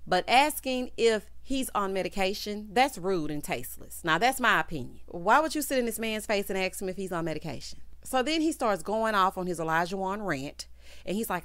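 A woman's voice: medium pitch, sing-song, normal speed, no echo. Sassy woman recapping TV. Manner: sassy, talks straight to viewers. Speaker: TV recap reviewer. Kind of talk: casual reality-show recap.

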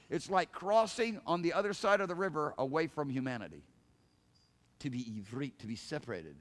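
A male pastor preaching in a church, his voice sitting high for a man. He talks in a folksy style and throws out rhetorical questions. He moves from quiet, low asides to loud, forceful shouting. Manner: swings from low murmurs to loud, shouted emphasis. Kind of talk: sermon. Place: church sanctuary.

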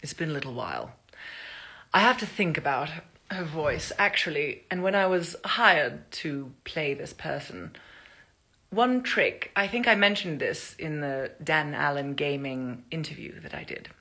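A woman's voice: sits low, animated, unhurried, sharp tone. A woman chatting casually to fans on a phone live stream, rambling through anecdotes and laughing as she talks.

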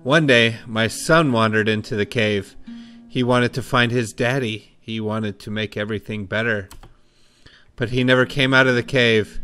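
A man's voice: medium pitch, steady tone, moderate pace, pushed and bright, soft background music, natural voice. A man reading aloud as a despairing wounded woman in a game, pleading in a strained, raised voice.

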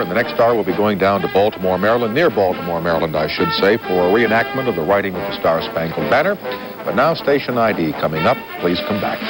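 A man's voice: low-pitched, low-quality recording. A man hosting a late-night talk show in a casual, wry, joking way. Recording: 1970s TV broadcast audio.

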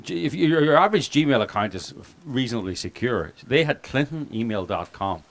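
A man's voice: mid-range voice, lively intonation, moderate pace. A man with an Irish accent, a documentary filmmaker speaking informally to an audience, rambling and joking with many restarts and asides. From Ireland. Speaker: documentary filmmaker giving a speech. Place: outdoor picnic gathering.

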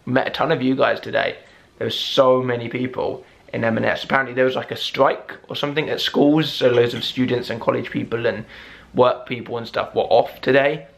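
A man's voice: mid-range voice, fairly even intonation, brisk, creaky, fairly bright tone. A young man in his twenties with a lisp from dental braces, chatting casually to camera in a rambling, friendly way. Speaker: vlogger. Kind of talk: casual vlog chat to camera.

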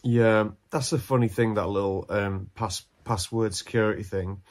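A man co-hosting a comedy podcast, telling stories in an animated, incredulous way. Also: lowish voice, moderate pace. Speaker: podcast co-host. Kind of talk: casual comedic chat.

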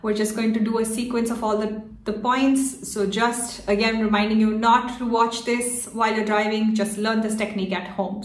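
A woman leading a guided tapping exercise, calmly walking listeners through tapping points and affirmations to repeat. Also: a little high, echoey room. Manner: slow, calm, guiding scripted affirmations to repeat. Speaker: EFT tapping practitioner.

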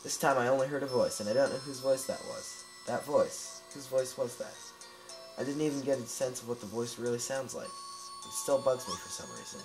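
Man reading young amnesiac game hero, plain delivery, lively pitch. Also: natural voice, rough recording. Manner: plain reading of the game's text.

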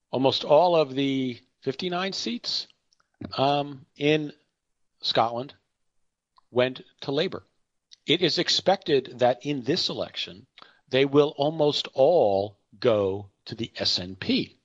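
A middle-aged man rambles through unscripted market commentary at medium pitch, correcting himself and adding chatty asides and anecdotes. The recording sounds dry and lo-fi.

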